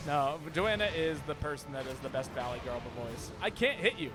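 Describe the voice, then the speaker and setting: A man chats casually over a live game stream, his voice sitting a little high for a man. He is playful and keeps tripping over repeated words. Game music plays clearly behind him. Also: animated, fairly quick. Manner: playful, stammering word repeats. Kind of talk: casual live-stream chat while gaming.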